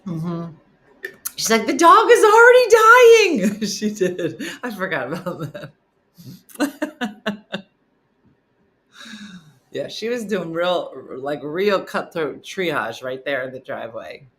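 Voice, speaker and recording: A woman comedian chatting casually to viewers, retelling funny videos with lively put-on voices. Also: slow, pauses often. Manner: animated, acts out funny videos in high squeaky voices. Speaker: comedian hosting a live morning stream. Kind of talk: casual chat reading comments.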